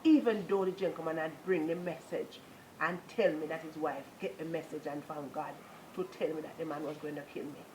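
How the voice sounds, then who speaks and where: A woman's voice: deep voice, steady tone, fairly quick, dark tone, slight background noise, poor audio. A woman with a Jamaican accent giving a personal religious testimony, telling her story earnestly and moving into repetitive, preaching praise.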